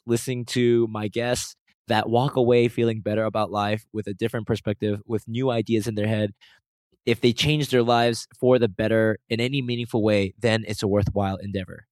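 A man's voice: medium pitch, fairly even intonation, a little fast, a little mellow, dry recording. A man hosting a solo podcast, joking at his own expense, then turning earnest. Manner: self-mocking, playful and earnest in turns. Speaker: podcast host. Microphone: close podcast mic.

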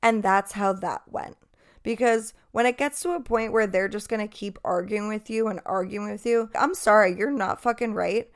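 A woman's voice: medium pitch, steady tone, normal speed. Profane exasperated woman podcaster. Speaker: podcast host and bartender. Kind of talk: casual storytelling.

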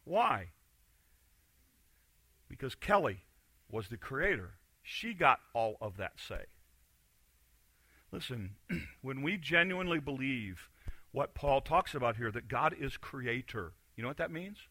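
A male pastor preaching a sermon in a church, animated, acting out the voices he quotes and swinging from quiet to loud. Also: mid-range voice, slow pace, long pauses, no echo. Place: church sanctuary.

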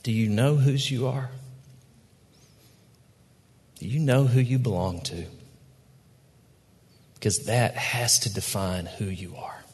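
A man preaching a sermon, telling a story gently and reflectively. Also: mid-range voice, steady tone, measured pace, long pauses. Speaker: pastor. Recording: long hall reverb.

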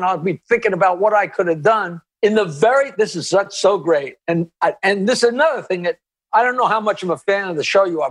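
A male comedian, an interview guest, telling stories in an animated, rambling way with many restarts and asides. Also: high-pitched. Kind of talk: anecdotal storytelling in an interview.

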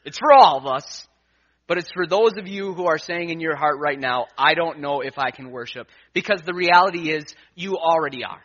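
A pastor preaching from the pulpit, his voice a bit higher than most men's and bright, even forceful, at its core. He tells a personal story, acting out his own thoughts, and swings from hushed asides to emphatic points. The recording is dull and lo-fi. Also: normal speed. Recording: dull lo-fi sound.

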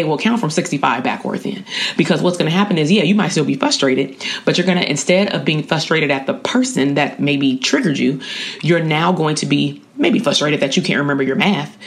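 Slangy, conversational coping-skills teacher. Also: medium pitch. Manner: conversational, slangy, checks in with "right?". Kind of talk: casual spoken lesson. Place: at a college.

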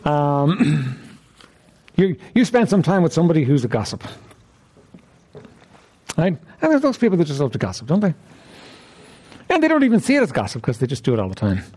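A man's voice: fairly high pitch, huge pitch swings, normal speed, long pauses, darkish tone. A man preaching an interactive sermon, repeatedly questioning his listeners with emphasis.

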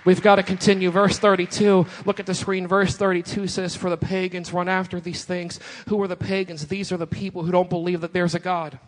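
A man's voice: sits high, little pitch movement, a little fast, hardly any pauses. A man preaching a sermon to his congregation in church, building his points through rhythmic repetition and calling out to the listeners. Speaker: pastor.

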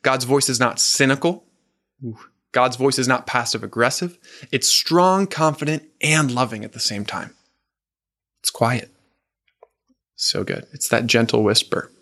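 A man coaching a men's group in a faith talk, earnest and gentle, reading out the men's answers and slowing down for the words he quotes. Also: medium pitch, expressive.

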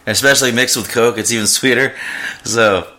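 A man's voice: mid-range voice, brisk, sharp tone. A man co-hosting a casual podcast, joking and boasting in loose banter. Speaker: podcast co-host. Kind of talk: casual chat.

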